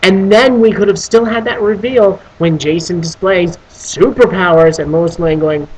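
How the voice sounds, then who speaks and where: A reviewer on a casual video who talks in an animated, profane rant. The voice sits at a middling pitch with a husky, breathy edge. The speaker keeps tripping into restarts and now and then breaks into voices for characters. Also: moderate pace, rough recording. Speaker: film reviewer. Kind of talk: casual spoken film review.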